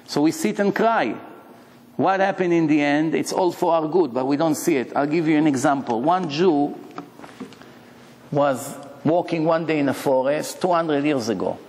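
A man preaching as a rabbi, telling parables with lively rhetorical questions. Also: on the high side, normal speed. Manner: animated storytelling with rhetorical questions. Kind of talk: sermon. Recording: long hall reverb.

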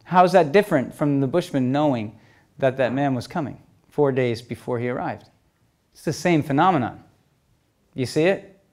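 A man's voice: mid-range voice, normal speed, pauses often, darkish tone. Man telling stories, checking in often. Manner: keeps checking in with "okay?" and "you know?"; re-enacts exchanges as quoted dialogue. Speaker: speaker telling stories to an audience. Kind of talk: conversational storytelling talk.

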